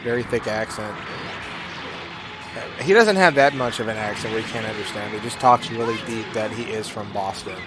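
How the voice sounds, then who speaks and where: A man's voice: lowish voice, normal speed. Jokey man commenting over game music. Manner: jokey, rambling, bursts of loud excitement. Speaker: gaming YouTuber. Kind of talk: gameplay commentary.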